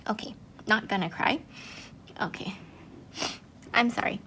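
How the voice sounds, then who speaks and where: A woman's voice: mid-range voice, a little slow, bright, forceful tone, a little hiss or hum. A woman hosting an art channel, gushing in casual chat, full of "like" and "um" fillers. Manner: chatty, gushing, many "like" and "um" fillers.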